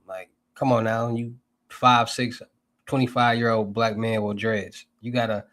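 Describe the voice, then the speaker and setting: A man, the host, chiming into the conversation with quick, casual remarks in slangy speech. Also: medium pitch, a bit bright. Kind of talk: casual chat.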